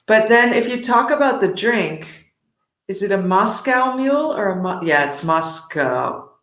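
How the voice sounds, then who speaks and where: A woman's voice: medium pitch, animated, measured pace, fairly bright tone, roomy sound. Upbeat woman teaching English online. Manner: upbeat, encouraging, explains word meanings. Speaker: webinar co-host, English teacher. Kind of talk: casual online English lesson. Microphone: video call.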